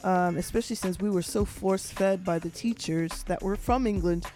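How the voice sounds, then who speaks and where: A woman's voice: lowish voice, normal speed, warm tone, soft background music. A woman from the Bahamas co-hosting a radio show, chatting casually and teasing her partner with frequent laughter. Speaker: radio co-host. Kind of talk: casual on-air banter.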